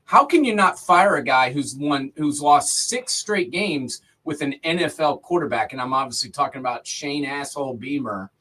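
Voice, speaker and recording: A man co-hosting a live college football talk show, ranting and telling stories in a casual, excitable way. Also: medium pitch, moderate pace, few pauses, rough recording. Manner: excitable, ranting, retells stories with animated voices. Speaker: co-host.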